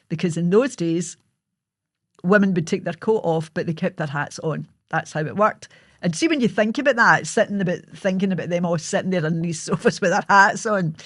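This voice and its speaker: A woman's voice: on the low side, no room sound, clean studio sound. A Scottish woman hosting her own show, telling a personal story in a vivid, blunt way and swearing freely.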